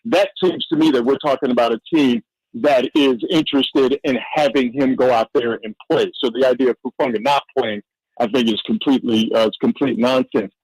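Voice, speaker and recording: A man appearing as a guest football analyst on a sports radio show, talking casually and playfully, getting animated when he jokes. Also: fairly quick, husky, no room sound, poor audio. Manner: animated, playful, rising pitch when joking. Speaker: NFL insider guest.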